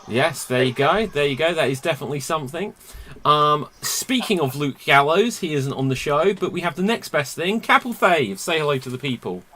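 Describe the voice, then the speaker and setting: Bright-voiced playful comedy host. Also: male voice, a little high, lively intonation. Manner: playful, quick to laugh. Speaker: game show host. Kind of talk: upbeat comedy show hosting.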